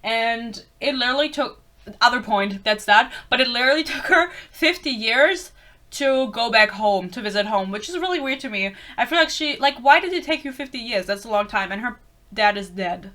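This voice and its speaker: A woman's voice: a little high, expressive, normal speed, sharp tone. A young woman giving a blunt, sarcastic book rant, swearing freely and laughing often, recorded indoors close to the camera. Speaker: book reviewer.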